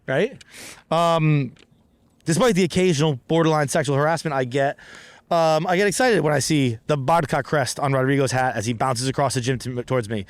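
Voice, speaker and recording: A man's voice: on the high side, fairly quick, dry recording. Rambling, profane male comedy storyteller. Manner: rambling, profane, self-deprecating with frequent restarts. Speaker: comedy podcast host. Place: outdoors in a city park.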